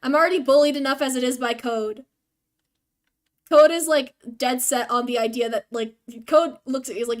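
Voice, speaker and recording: A young woman with a high, light voice chats with her stream audience while she plays. She rambles and pokes fun at herself in an easy, casual way. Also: fairly even intonation, moderate pace. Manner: rambling, self-deprecating, chatty. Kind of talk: casual game stream chat.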